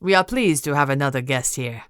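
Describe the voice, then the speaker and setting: A woman voicing a pompous aristocratic count, a grown man with a deep, booming voice, a Spanish accent and haughty, formal speech, in an audiobook. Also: expressive, fairly quick, clear, resonant tone, dry recording, studio quality. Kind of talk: audiobook character voice.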